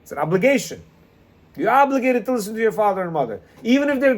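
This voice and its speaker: A man's voice: high voice, sing-song, fast talker. A man teaching a Torah class to students, emphatic and repetitive in his delivery. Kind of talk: animated class talk.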